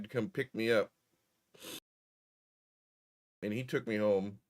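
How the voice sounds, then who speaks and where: A man's voice: on the low side, normal speed. A man telling a story in casual chat, profane and wry.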